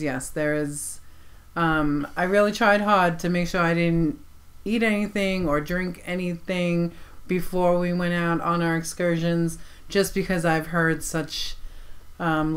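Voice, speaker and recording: A woman co-hosting a casual live stream, relaxed and friendly, greeting viewers by name and sharing travel tips. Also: fairly low pitch.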